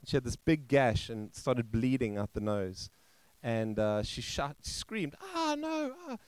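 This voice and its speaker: A male pastor telling a story in a sermon, halting and restarting, and acting out the quoted voices. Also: mid-range voice, clear, resonant tone, no room sound. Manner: halting, with frequent restarts and fillers. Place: church.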